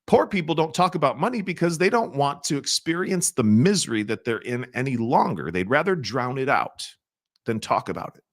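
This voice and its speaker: A middle-aged man teaching a sales training, asking his audience questions and acting out soft-spoken sales lines. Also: mid-range voice, big pitch swings, brisk.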